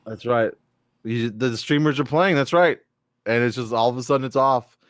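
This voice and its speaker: A man's voice: medium pitch, normal speed, no room sound, clean studio sound. A man hosting a casual gaming podcast stream, reading viewer comments aloud in a loose, laughing, swear-laden way. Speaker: podcast host.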